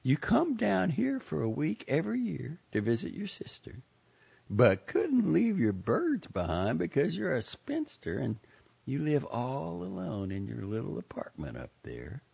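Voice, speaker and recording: A man's voice: on the high side, gravelly, darkish tone, husky, lo-fi sound, pitched above the performer's own voice, heavily acted. A man voicing a teasing, wry seventeen-year-old girl.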